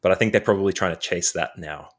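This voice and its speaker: A man's voice: deep voice, fast. A man co-hosting a casual gaming podcast, talking through his opinions at length. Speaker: podcast co-host.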